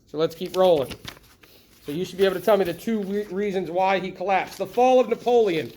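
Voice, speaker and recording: High-voiced lively male history teacher. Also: brisk, a little hiss or hum. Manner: lively, asks the class frequent questions. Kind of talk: classroom lecture.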